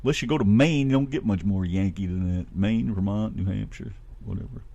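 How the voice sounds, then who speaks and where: A man's voice: on the low side, fairly quick, creaky, warm tone, lo-fi sound. A middle-aged man from Ohio with a Midwestern American accent, co-hosting a radio show in rambling, casually profane chat.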